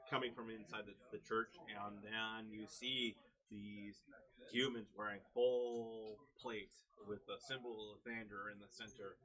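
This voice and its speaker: A man narrating as game master of a tabletop game, halting often with fillers. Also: fairly low pitch, pushed and bright, low-quality recording.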